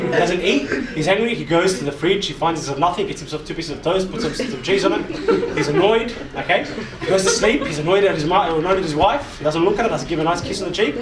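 A man's voice: sits high, quick pace, few pauses, over a noisy crowd. A man preaching to a live group, emphatic and repetitive, constantly checking in with questions to the audience. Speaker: preacher, youth speaker. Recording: echoey hall, mic far off, audible noise.

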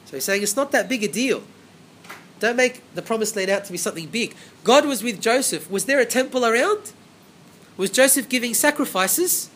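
A man's voice: very high voice, lively intonation, normal speed, a bit bright. A man preaching a Bible sermon, emphatic, repeating phrases and asking rhetorical questions.

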